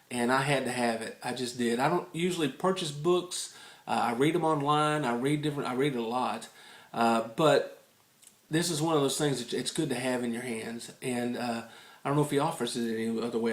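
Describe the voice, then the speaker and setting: A man from Tennessee with a Southern US accent chats through a casual video review in a folksy, rambling, good-humored way. His voice sits at an everyday middle pitch. The indoor room leaves a noticeable roomy echo. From Tennessee, United States. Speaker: ukulele book reviewer.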